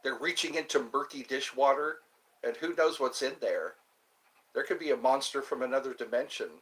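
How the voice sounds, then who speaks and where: A man's voice: medium pitch, normal speed, fairly bright tone. A man streaming live, rambling and joking as he chats with his viewers. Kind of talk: casual live-stream chat.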